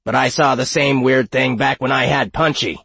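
A man's voice: medium pitch, steady tone, normal speed, gravelly, fairly bright tone, husky, dry recording, voice pushed up. A man voicing a naive, childlike mimic monster that speaks plainly and bluntly, in an audiobook. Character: naive, literal-minded mimic treasure-chest monster. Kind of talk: audiobook character voice.

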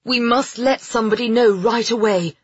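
Brief: narrator doing a forceful young agent, husky, lo-fi audiobook. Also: mid-range voice, measured pace, no room sound. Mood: urgent. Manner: urgent, forceful. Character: young MI5 agent man, Ben, urgent. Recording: dull lo-fi audiobook recording.

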